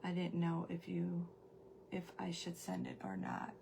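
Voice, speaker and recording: A woman's voice: on the low side, monotone, a little slow, vocal fry, warm tone, a little hiss or hum. A middle-aged woman hosting a crafting livestream, chatting casually and rambling while greeting viewers by name. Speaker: crafting show host.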